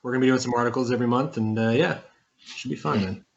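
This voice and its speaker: A man's voice: medium pitch, fast talker, creaky. A man in a group call talking casually about his podcast plans. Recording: dull lo-fi call audio.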